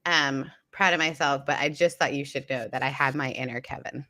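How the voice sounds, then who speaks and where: A woman from Canada telling a personal story in casual chat on a live stream, candid and animated, acting out the people she quotes. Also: very deep voice, brisk, no echo, studio quality. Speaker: co-host.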